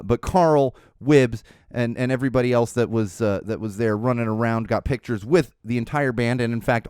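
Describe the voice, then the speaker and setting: A man's voice: mid-range voice, darkish tone, clean tone, no room sound, studio quality. A man hosting a podcast, telling a long casual story with many fillers and restarts. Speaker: podcast host.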